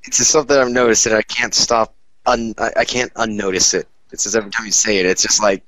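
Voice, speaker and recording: A man's voice: fairly low pitch, steady tone, fast, fairly bright tone, no room sound, low-quality recording. A man chatting casually, rambling with many fillers and restarts. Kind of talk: casual chat.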